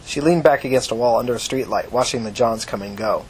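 A man narrating an audiobook in a steady, measured reading. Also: mid-range voice, a little hiss or hum.

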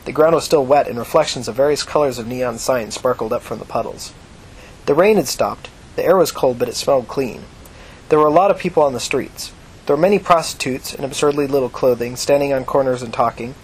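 A man narrating an audiobook in a steady, measured reading. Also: medium pitch, slightly rough.

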